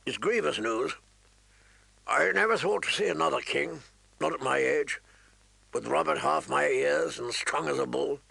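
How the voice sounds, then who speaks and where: A man voicing a gruff old male military commander, growling and commanding, with a gravelly voice. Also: fairly high pitch, a little slow, sharp tone, no echo, full character voice.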